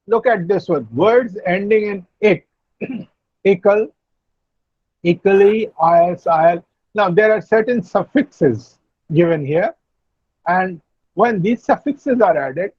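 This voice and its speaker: A man lecturing an online class, explaining slowly, repeating and spelling out words. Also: sits high, slightly rough, no room sound, muffled recording. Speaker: university lecturer. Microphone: video call.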